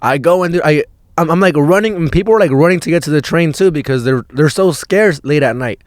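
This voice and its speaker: A young man telling a story on his podcast, swearing freely and piling on filler words as he rambles on with excitement. His voice sits a little higher than most men's. The sound is close and dry, with no room in it. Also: a little fast, no room sound. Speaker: podcast host.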